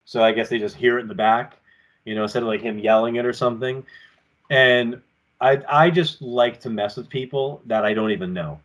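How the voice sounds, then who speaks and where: Animated, rambling male wrestler guest. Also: mid-range voice, fairly quick. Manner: rambling and animated, acting out quotes. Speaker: professional wrestler, podcast guest. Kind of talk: casual storytelling in an interview. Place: home apartment with collectibles shelves.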